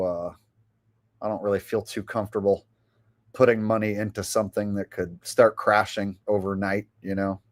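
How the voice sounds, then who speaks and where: A man's voice: fairly low pitch, no room sound. A man hosting his own channel, answering viewer comments in a rambling, hesitant casual chat. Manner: rambling and hesitant, many fillers. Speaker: host.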